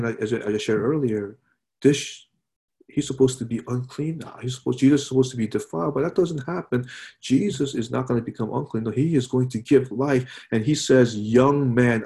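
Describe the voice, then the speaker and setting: A man delivers a sermon in an easygoing, conversational way, checking in with his listeners with frequent asides. His voice sits at an ordinary middle pitch, and he drops to a hushed softness whenever he quotes someone. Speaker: pastor.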